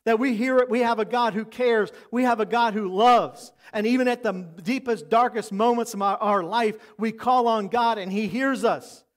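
Проповедник с высоким голосом, мужчина. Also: male voice, very high voice, steady tone, moderate pace, hardly any pauses. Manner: earnest, preacherly, drops to soft intimate tones for emphasis. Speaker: pastor. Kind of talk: sermon.

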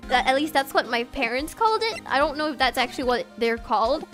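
A woman's voice: sits high, big pitch swings, quick pace, a bit bright, soft background music. A young woman streaming a game, chatting in a bubbly, giggly way with her viewers. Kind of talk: casual live-stream chat while gaming.

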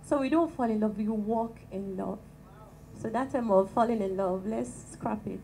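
A Nigerian woman with a tiny, soft voice, praying and speaking calmly and gently to a church women's gathering into a handheld microphone. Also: mid-range voice, normal speed, gravelly, a little hiss or hum, poor audio. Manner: calm and gentle, chatty with light laughs. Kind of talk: prayer and talk to a church gathering.

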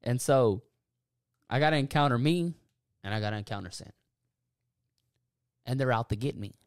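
A young man talking casually about faith and self-forgiveness on a podcast, animated and preachy, laughing often. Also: mid-range voice, normal speed, smooth, dry recording, studio quality. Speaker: podcast co-host.

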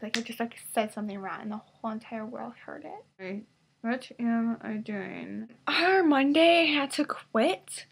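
Casual bedroom vlogger, woman, high voice, rambly, drifts into whispers. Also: lively intonation, moderate pace, gravelly, slight background noise. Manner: rambling, filler-heavy, sometimes drops to a whisper. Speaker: vlogger in a collab channel. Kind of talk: casual webcam vlog.

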